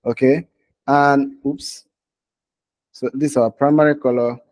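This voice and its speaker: A man leads a live online design class in a loose, conversational way. His voice is mellow and warm and sits at a middle pitch. He talks his way through each step on screen and keeps asking his students "okay?" and "right?" as he goes. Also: steady tone, a little slow. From Nigeria. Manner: casual, talks while clicking through screens, frequent "okay?" and "right?" check-ins. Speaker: design instructor.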